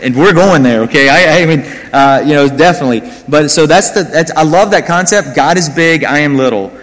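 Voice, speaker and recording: A man's voice: on the high side, fairly quick, a bit bright. An American man preaching a sermon, conversational and self-mocking, with asides to the congregation. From United States. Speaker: pastor. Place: church hall. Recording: long hall reverb.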